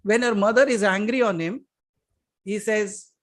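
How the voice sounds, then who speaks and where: An Indian English-accented spiritual teacher delivers an unhurried satsang talk to a live audience, his voice sitting high. Emphatic, he moves from loud to hushed and questions his listeners directly.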